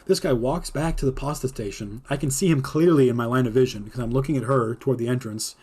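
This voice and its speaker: A man with a husky, slightly breathy voice tells a long story in a casual stream. He swears freely and acts out the others' lines as he goes. His pitch sits in an ordinary middle range. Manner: profane, animated retelling with quoted dialogue. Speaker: podcast host telling a personal story. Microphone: streaming mic.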